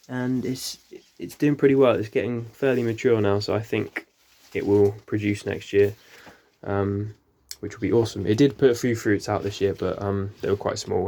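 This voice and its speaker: Male gardener, low-pitched, chatty and hesitant, casual greenhouse walk-through. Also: mellow. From England. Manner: rambling, many ums, self-correcting. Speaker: gardening vlogger. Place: small greenhouse.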